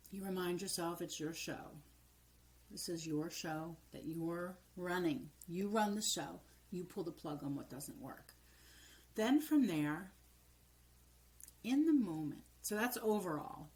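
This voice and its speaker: A middle-aged woman, a transformational coach, giving calm step-by-step guidance and dropping to soft near-whispers when voicing affirmations. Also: deep voice, vocal fry. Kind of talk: coaching video monologue.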